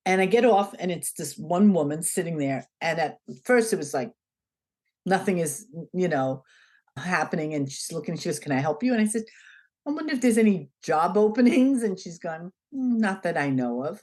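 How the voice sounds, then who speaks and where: A woman being interviewed, telling a story in a conversational way and acting out the dialogue as she goes. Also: lowish voice. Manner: animated, acts out the dialogue in her stories. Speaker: interview guest.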